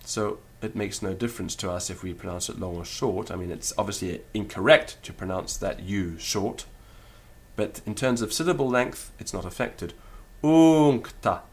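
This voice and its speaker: A man teaching Latin in a lecture, deliberate and careful, sounding out syllables one by one. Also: low-pitched. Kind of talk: spoken lecture.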